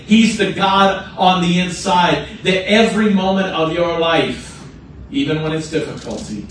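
A man's voice: medium pitch, noisy background. A man preaching a sermon as pastor, leading the congregation in repeated declarations and prayer, with emphatic, repetitive phrasing. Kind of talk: sermon with call-and-response prayer. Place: church sanctuary. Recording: very echoey room, from a distance, with music. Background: soft guitar music.

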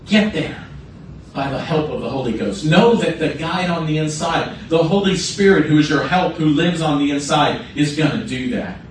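A man's voice: fairly high pitch, animated, normal speed, hardly any pauses, a little hiss or hum. Preaching man in an echoey church. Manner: preacherly, repetitive, rising to emphatic declarations. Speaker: pastor. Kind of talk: sermon with call-and-response prayer. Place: church sanctuary. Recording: very echoey room, from a distance, with music. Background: soft guitar music.

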